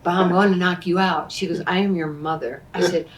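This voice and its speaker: A woman, telling animated stories and acting out what people said. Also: fairly low pitch, brisk, distant mic, noisy background. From Queens, New York. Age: 60s. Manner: animated storyteller who acts out quoted dialogue. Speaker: interview guest, former basketball player. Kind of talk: storytelling in conversation.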